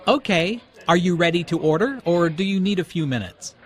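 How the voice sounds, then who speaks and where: A man playing a polite restaurant waiter in a slow scripted language-learning dialogue. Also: high voice, lively intonation, voice pushed up. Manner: slow, polite textbook delivery.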